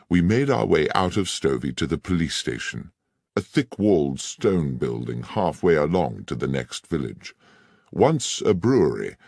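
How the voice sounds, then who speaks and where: A man reads a detective story in a measured, expressive way. His voice is very deep and gravelly, with lively rises and falls. The recording is dry and close. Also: no echo. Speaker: audiobook narrator. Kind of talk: scripted first-person narration.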